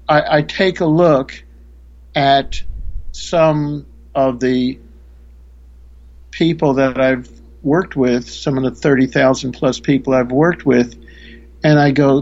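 A man's voice: a little high, highs cut off. A man, a spiritual teacher, earnestly telling a story in a conversation, often restarting his sentences.

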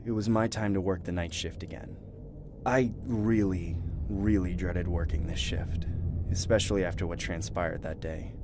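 A man's voice: fairly low pitch, darkish tone, slight background noise. A young man narrating a horror story in a tense, dramatic way. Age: young adult.

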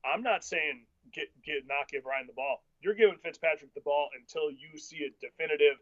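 A man co-hosting a casual sports podcast, arguing football picks bluntly and in rapid bursts. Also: a little high, dry recording. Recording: dull lo-fi sound.

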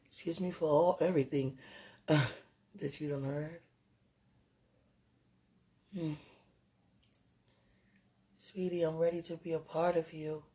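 A woman with a husky, breathy voice speaks tenderly to someone she loves, halting and trailing off into murmurs. Her talk is intimate and prayerful, soft and unguarded. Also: sits low, little pitch movement. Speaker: partner speaking to a loved one. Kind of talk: intimate emotional monologue with prayer.

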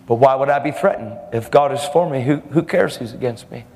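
A man's voice: mid-range voice, a little fast, a little mellow. A man preaching a sermon boldly and emphatically, with laughing asides. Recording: hall reverb with faint music.

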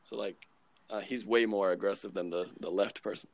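A man's voice: low-pitched, steady tone, a little fast, dry recording. A young man co-hosting a podcast in casual chat, rambling and laughing often as he talks. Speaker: podcast co-host.

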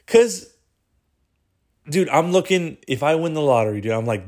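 A young man hosting his own podcast, ranting casually in a rambling, profane way with animated storytelling. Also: medium pitch, moderate pace. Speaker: podcast host. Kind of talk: casual solo podcast rant.

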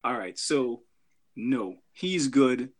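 A man's voice: medium pitch, lively intonation, slow pace. Rambling, joking male podcast host. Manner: joking, rambling, many fillers. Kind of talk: casual chat.

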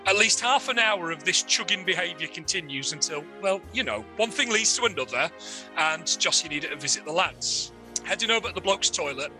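A man telling a crude comic anecdote with lively relish. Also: high-pitched. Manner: lively, laughs at own story, crude. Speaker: guest storyteller.

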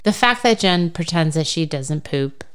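Brief: American woman, co-host, lively swinging pitch, profane and animated in casual banter. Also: normal speed, smooth. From United States. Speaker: podcast co-host. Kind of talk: casual chat.

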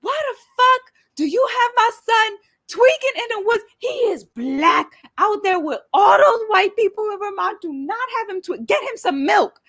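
A shrill, outraged mother yells and scolds at full volume, as a woman puts her on in a much higher pitch. Her voice is sharp and strained, as if she is pushing it far above its natural range. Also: expressive, moderate pace, no echo, clean studio sound, heavily acted. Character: furious mother scolding over the phone.

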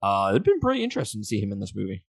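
A man's voice: on the low side, wildly swooping pitch, racing, vocal fry, no echo. A man co-hosting a casual movie podcast, reading trivia notes and chatting, with fillers, restarts and easy laughter. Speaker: podcast co-host.

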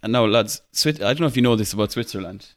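Chatty Irish man, low voice, dry. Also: fast, dry recording. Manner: chatty, laughs often, many fillers and restarts. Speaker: podcast host. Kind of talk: casual football podcast chat.

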